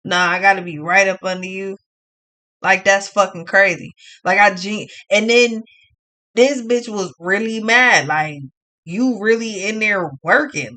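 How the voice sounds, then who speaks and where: A woman's voice: medium pitch, measured pace, sharp tone. A woman giving a casual tarot reading, talking in a blunt, profane, ranting way. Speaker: tarot card reader.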